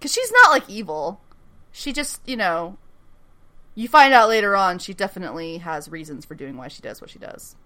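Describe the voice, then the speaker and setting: A woman's voice: mid-range voice, big pitch swings, normal speed, pushed and bright. A woman co-hosting a podcast, chatting casually and animatedly as she recaps a TV episode, swearing, laughing often and acting out characters' lines. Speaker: podcast co-host recapping a TV show. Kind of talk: casual chat.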